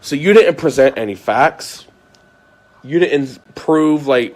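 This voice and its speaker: A man's voice: a little high, lively intonation, slow, long pauses. A man vlogging, ranting at length to his viewers in an aggrieved, repetitive way, often swearing.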